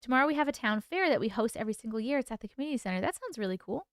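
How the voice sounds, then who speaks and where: With a fairly high, lively voice delivered rapid-fire, a livestream host and author reads her viewers' comments aloud, chats casually, and laughs often. The clean studio audio has no room sound.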